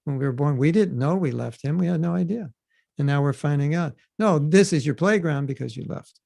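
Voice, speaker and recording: A man hosting a podcast, teaching scripture in a casual, animated way and acting out quoted voices. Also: fairly high pitch, brisk, gravelly, dry recording.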